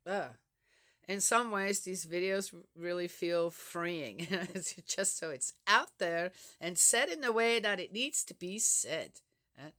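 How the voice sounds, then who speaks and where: An older woman talking frankly and chattily to her viewers, with soft laughs along the way. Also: fairly low pitch, slow pace. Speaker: vlogger. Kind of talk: casual talk to camera.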